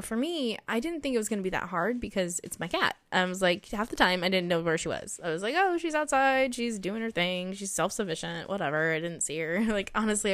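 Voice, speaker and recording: A woman giving a spiritual monologue as a psychic medium, earnest and emotional, rambling with many restarts. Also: on the low side.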